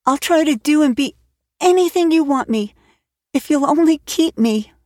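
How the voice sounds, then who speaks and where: A woman's voice: high-pitched, expressive, normal speed, darkish tone, no echo, clean studio sound, pitched above the performer's own voice. A woman voicing an eager, imaginative orphan girl of about eleven who talks breathlessly and passionately. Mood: pleading.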